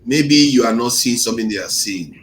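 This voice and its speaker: Man, moderator, measured, mid-pitched, audible background noise. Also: expressive, fairly bright tone. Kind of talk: moderating a group discussion. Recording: noisy background hiss.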